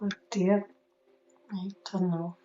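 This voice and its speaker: A woman's voice: lowish voice, flat delivery, slow, muffled recording. A middle-aged Scottish woman from Scotland giving chatty tarot readings on a phone live stream, talking straight to her viewers. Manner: chatty, talks to viewers, fumbles with the app. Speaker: tarot reader. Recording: echoey room with faint ambient noise.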